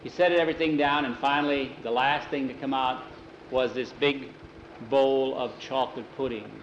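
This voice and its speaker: A man's voice: medium pitch, steady tone, normal speed, roomy sound, muffled recording, slight background noise. A man telling a story aloud in a casual, conversational way, with many "he says" tags. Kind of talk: oral storytelling.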